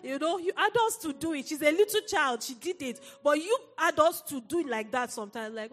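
A woman preaching a sermon, telling a personal story in an animated way and laughing often. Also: high-pitched, normal speed, in a large hall, soft background music.

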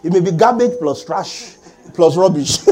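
Man preaching a lively sermon, high pitched, lots of amens back and forth. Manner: animated preaching with call-and-response. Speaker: pastor.

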